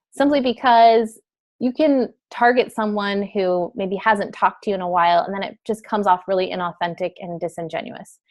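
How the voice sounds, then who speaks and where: A woman teaching a class in a chatty, casual way, with many fillers and quick switches into acted examples. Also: medium pitch. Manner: chatty, filler-heavy, breaks into role-play quotes. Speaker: wellness sales trainer. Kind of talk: casual instructional talk.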